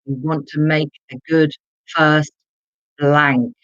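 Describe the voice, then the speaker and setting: Slow, deliberate online English teacher. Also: medium pitch, flat delivery, fairly bright tone, dry recording, muffled recording. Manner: slow, deliberate, repeats words for learners to copy; addresses viewers in the chat directly. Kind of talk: live online language lesson.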